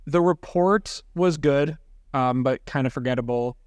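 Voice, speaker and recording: A man's voice: mid-range voice, unhurried, clean tone, no echo. Wry man co-hosting a podcast. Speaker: podcast co-host. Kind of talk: casual chat.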